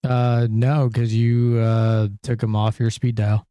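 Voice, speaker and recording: A man's voice: medium pitch, little pitch movement, slow pace, warm tone, clear, resonant tone, no echo, studio quality. A man co-hosting a casual podcast about tabletop roleplaying games, talking in an easygoing, rambling, joking way.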